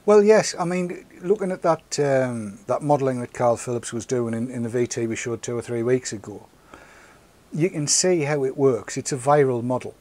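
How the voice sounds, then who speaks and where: A man's voice: medium pitch, normal speed, a little mellow. A man, hosting a casual chat, rambling and repeating words as he tells stories. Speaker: show host.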